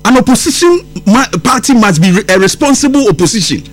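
A Ghanaian man delivers heated radio commentary, mixing English and Twi. His voice sits high and moves expressively. Soft music plays faintly behind him. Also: big pitch swings, fast talker. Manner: impassioned, switching between English and Twi. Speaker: radio show host.

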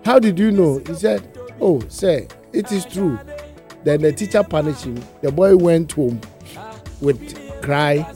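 A man with a fairly high voice tells a joke in a casual chat, speaking each character's lines himself. Faint music sits under his voice. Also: takes it slowly, warm tone. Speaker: co-host.

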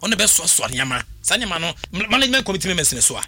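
An animated man with a high, lively voice that swoops up and down. He talks in a heated discussion, repeating words and losing the thread mid-sentence, with a very bright, sharp tone. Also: very fast, soft background music. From Ghana. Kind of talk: heated talk-radio discussion.

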